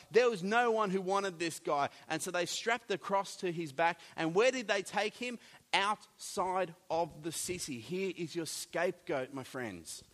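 A man preaching a sermon, animated, with jokey asides and big swings between loud and soft. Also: high voice. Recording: long hall reverb.

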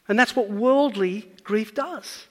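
A man's voice: sits high, slow pace, in a large hall. A man preaching a sermon, earnestly teaching and building up to emphatic points.

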